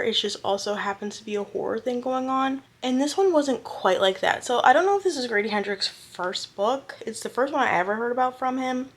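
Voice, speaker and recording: A woman's voice: a little high, fairly bright tone. A young woman chatting casually on a book vlog at home, rambling and self-deprecating, recorded on a camera mic. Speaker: book vlogger. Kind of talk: casual chat.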